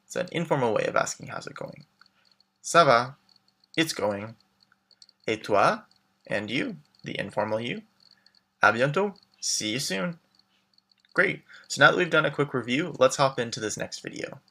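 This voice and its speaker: A man with a bright, clear voice leads a beginner language lesson. He models each phrase slowly, glosses it plainly, and warmly prompts the listener to try it back. His pitch sits mid-range for a man. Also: lively intonation. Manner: clear, slow modeled pronunciation with English glosses; encouraging, prompts the learner to answer. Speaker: French teacher.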